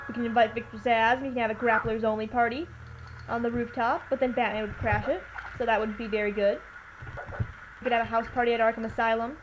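A woman's voice: on the high side, fairly even intonation, fast. Playful woman with a noisy mic. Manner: playful, chatty, joking asides. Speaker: let's play commentator. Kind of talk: casual gameplay commentary. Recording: noisy home recording with hiss.

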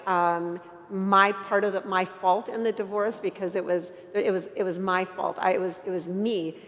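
A woman giving an earnest, emotional faith testimony to an audience, with self-deprecating humor and halting restarts. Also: medium pitch. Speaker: inspirational speaker. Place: church. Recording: long church reverb.

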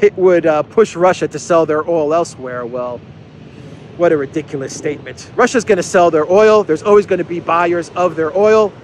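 A man's voice: on the high side, slight background noise. A man giving opinionated political commentary as host, emphatic and scornful, with frequent fillers and short chuckles.

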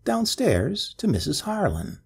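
A man voicing a nervous, secretive, sickly stout man with a sharp, rasping voice in a spoken ghost story. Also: sits high, huge pitch swings, a little slow, pitched above the performer's own voice, full character voice. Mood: guarded.

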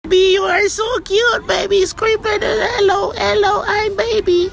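A woman's voice: very high-pitched, little pitch movement, unhurried, vocal fry. A woman talking baby talk to an infant in a squealing, cooing sing-song. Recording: crowd and background noise.

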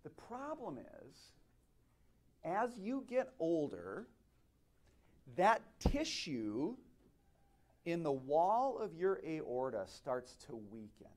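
A man from Minnesota giving a conference speech on stage, telling stories with dramatic pauses. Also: on the high side. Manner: animated storyteller, dramatic pauses. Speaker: speaker at a conference. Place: stage at a live event.

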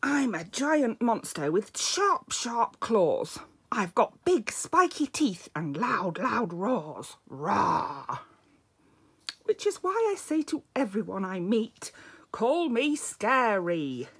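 A small male monster who insists he is scary and gruff, as a woman reading aloud puts him on. His voice swings up and down and sounds husky, and he drags out his demands slowly. It is a storybook voice for a child. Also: mid-range voice, big pitch swings, exaggerated voice. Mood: boastful.

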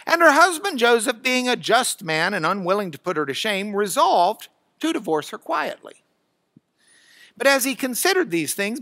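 Animated man teaching scripture with loud emphasis. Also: sits high, moderate pace, dry recording, studio quality. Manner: dramatic bursts of loud emphasis while reading scripture; drops to quiet asides when searching notes. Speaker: Bible teacher. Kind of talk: classroom Bible lesson. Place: classroom, recorded for radio.

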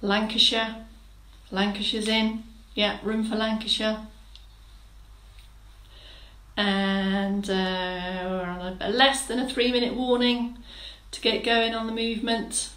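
A woman's voice: medium pitch, completely flat delivery, slow, a bit bright, reverberant, rough recording. A woman fitness instructor leading a live-streamed exercise class, chatting, greeting viewers by name and giving encouraging instructions. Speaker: fitness instructor for older adults.

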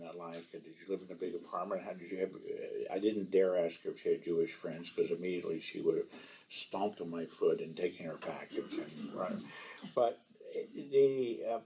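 A man's voice: low-pitched, mellow, rough recording. A man from the American South, an author giving a library talk, telling self-deprecating anecdotes and slipping in French phrases. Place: library event room.

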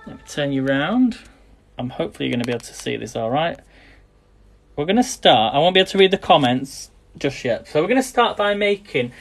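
British guy rambling thru a live cooking demo, chatty, keeps saying guys. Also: on the high side. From Britain. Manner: chatty and rambling, often addresses viewers as guys. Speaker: cooking livestream host.

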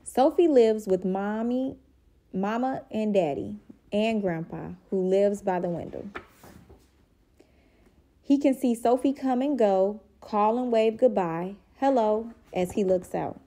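A woman reading a picture book aloud in a gentle, measured storytelling manner. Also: medium pitch. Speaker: reader.

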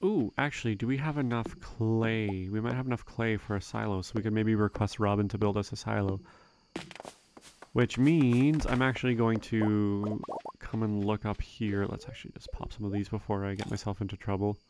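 A young man giving relaxed, rambling gameplay commentary, thinking aloud with frequent fillers. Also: lowish voice, normal speed, slight background noise. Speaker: let's play gamer.

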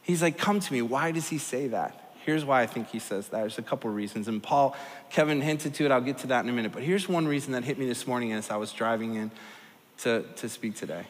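A middle-aged man preaching a sermon as a pastor, animated and storytelling, swinging from soft to loud. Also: medium pitch, fairly quick. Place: large church hall. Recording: long hall reverb.

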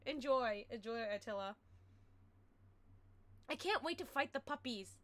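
High, lively-voiced woman streamer. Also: unhurried. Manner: excitable, exclaims and complains loudly. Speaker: game streamer. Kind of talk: casual live-stream chat. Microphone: headset.

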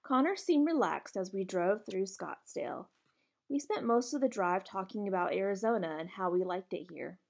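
A woman reading a novel aloud in steady first-person narration, with casual asides to her listeners. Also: mid-range voice, normal speed, creaky. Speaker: reader.

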